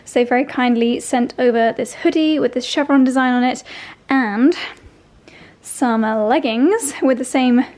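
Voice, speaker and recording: Brief: young woman, home vlogger, slightly high pitch, chatty and gushing. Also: unhurried, a little mellow. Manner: chatty, fond of gushing over deliveries. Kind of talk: casual vlog chat.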